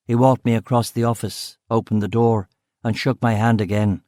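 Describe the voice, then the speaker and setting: Guy reading a crime audiobook, steady mid voice, dry close sound. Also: medium pitch, normal speed, no echo. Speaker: audiobook narrator. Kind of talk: first-person scripted narration.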